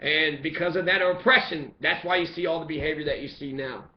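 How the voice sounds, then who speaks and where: Angry, profane man ranting, high voice. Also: fairly quick. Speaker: resident speaking out on police. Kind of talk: impassioned ranting monologue. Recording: echoey, dull lo-fi sound.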